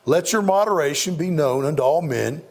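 A man's voice: on the high side, expressive, normal speed, a little mellow. A middle-aged man preaching a sermon, emphatic and given to repeating words for stress.

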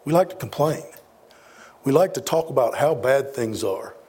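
A man's voice: medium pitch, lively intonation, normal speed, darkish tone, slightly rough. A middle-aged man preaching a sermon, emphatic and given to repeating words for stress.

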